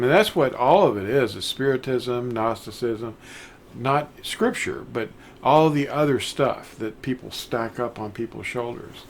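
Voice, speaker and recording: An older man talking casually on a phone call, rambling and mocking the people he describes in put-on voices. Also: mid-range voice.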